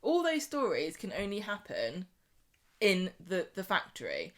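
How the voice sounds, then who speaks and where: Woman podcast co-host, lively pitch, chatty soap recap, laughs a lot. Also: a little slow. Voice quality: laughs often, animated storytelling. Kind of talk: casual soap recap chat.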